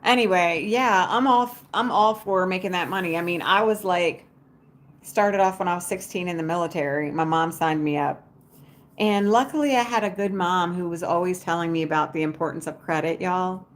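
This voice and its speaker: A woman's voice: lowish voice, normal speed. A woman chatting casually to her viewers as a vlogger, folksy and talkative, calling them y'all. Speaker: vlogger talking to live viewers. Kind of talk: casual livestream chat.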